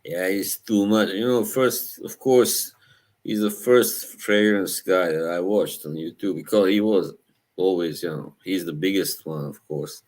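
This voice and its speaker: A young man with an Eastern European accent, hosting a casual live chat, relaxed and halting, laughing often. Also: low-pitched. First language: Slavic language. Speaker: livestream host.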